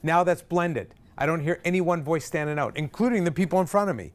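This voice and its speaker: A middle-aged man directing a choir, coaching vowels and pitch and singing example notes himself, with jokey asides. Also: fairly quick. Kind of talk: vocal warm-up lesson. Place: rehearsal room with a choir.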